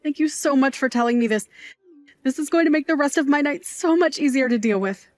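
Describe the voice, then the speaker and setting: A woman's voice: sits high, brisk, faint music behind, lightly acted. A woman playing gushing, dramatic Aunt Tessa. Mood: affectionate. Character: glamorous middle-aged aunt who works nights at a bar, doting, theatrical. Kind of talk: audio drama acting.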